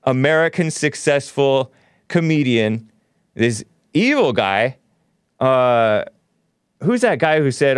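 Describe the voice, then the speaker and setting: A man's voice: medium pitch, very animated, a little slow, clear, resonant tone, dry recording, clean studio sound. A man hosting a talk show, talking in a rambling, opinionated monologue with frequent chuckles. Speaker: show host.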